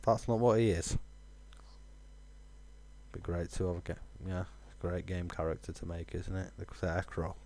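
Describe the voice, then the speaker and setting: A man's voice: low voice, moderate pace, long pauses, darkish tone. A man, musing aloud with fillers while streaming a game. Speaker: gaming streamer. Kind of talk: casual let's-play commentary.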